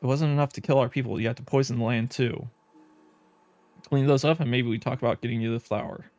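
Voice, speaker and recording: Man doing a grumpy echo ghost, curt, scornful, gravelly voice, game character. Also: mid-range voice, steady tone, fast, darkish tone, natural voice. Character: bitter, grumpy ghostly echo guarding a ruined garden.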